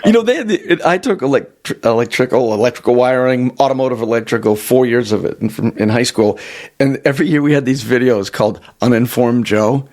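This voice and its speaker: Animated man hosting a chatty podcast. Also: mid-range voice, fairly quick. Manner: animated storyteller, acts out quotes, laughs a lot. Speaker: podcast host. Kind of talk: casual podcast conversation.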